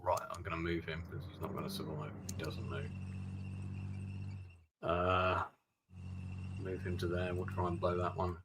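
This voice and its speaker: A man's voice: low voice, level tone, moderate pace, long pauses, a bit bright, slight background noise. A man streaming a strategy game, giving gameplay commentary and thinking aloud with muttered asides.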